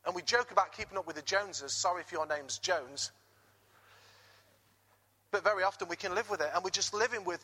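Lively British preacher in a reverberant hall. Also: male voice, high voice, fairly quick, pauses often, breathy edge. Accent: British English. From Britain. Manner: lively, jokey, rises loud on key words. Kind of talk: sermon. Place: church hall.

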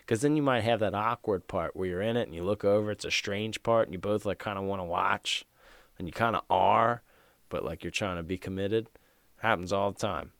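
A man's voice: fairly low pitch, fairly quick, creaky, fairly bright tone, dry recording. A middle-aged man co-hosting a horror movie podcast, joking and rambling with crude, profane humor. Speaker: podcast co-host. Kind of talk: casual crude chat.

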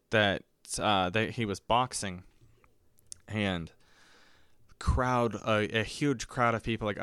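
Low, smooth-voiced man telling rambling stories. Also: a bit bright, dry recording. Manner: rambling, self-correcting, acts out quoted voices. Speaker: podcast host. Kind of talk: casual solo storytelling.

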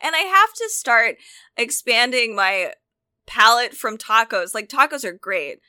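With no room sound around her, this cookbook-reviewing co-host speaks at a measured pace in a voice on the high side, with lively intonation and a sharp, clear, resonant tone. She's enthusiastic and chatty in the casual conversation, frequently restarting her sentences.

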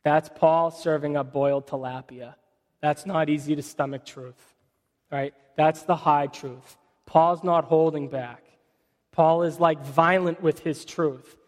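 Guy pastor preaching, chatty sermon style, slightly high voice, big church echo. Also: steady tone, measured pace. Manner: conversational preaching with food metaphors, dramatic scripture reading.

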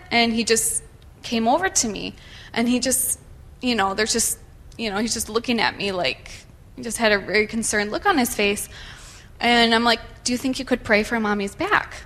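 A woman's voice: fairly high pitch, a bit bright. Nervous woman telling a church testimony. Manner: hesitant, many fillers, shaky voice. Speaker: church member sharing a testimony. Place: church sanctuary.

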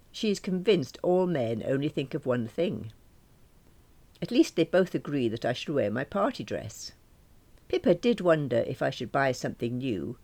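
A woman's voice: very deep voice, darkish tone. A woman reading a first-person novel, chatty and wry, poking fun at herself. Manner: wry, self-deprecating, chatty. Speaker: audiobook narrator.

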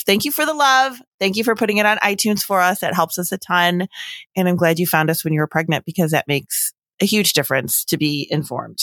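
A bright, clear woman's voice talks casually as a podcast co-host, chatty and animated and full of "like" and "you know". The sound is dry and close to the mic, with no room around it. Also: lowish voice, fairly quick, no room sound. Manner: chatty, animated, lots of fillers.

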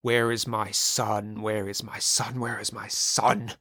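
A man voicing an old, wrathful Norse king who speaks in slow, menacing pronouncements. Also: fairly low pitch, flat delivery, sharp tone, no echo, clean studio sound, voice pushed down, exaggerated voice. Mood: brooding.

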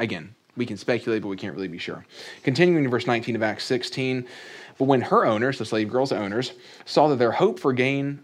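A man preaching a sermon in a conversational way, reading scripture aloud and adding joking asides. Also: medium pitch. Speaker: pastor.

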